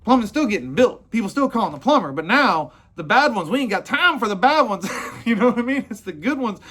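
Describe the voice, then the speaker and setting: Man, high-pitched, blunt and profane business owner, rambling talk. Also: big pitch swings, fairly quick, a bit bright. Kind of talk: casual motivational talk.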